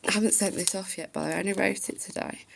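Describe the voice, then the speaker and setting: A woman's voice: mid-range voice, steady tone, quick pace, vocal fry, heavy background noise. A woman telling an angry story about a social worker, swearing freely and reading a complaint letter aloud. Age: adult parent. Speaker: vlogger. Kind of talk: casual storytelling rant.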